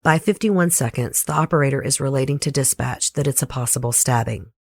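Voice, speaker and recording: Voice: medium pitch, fairly quick, vocal fry, dry recording, studio quality. A true crime podcast host with a Southern US accent, reading a scripted case narration with blunt, opinionated asides.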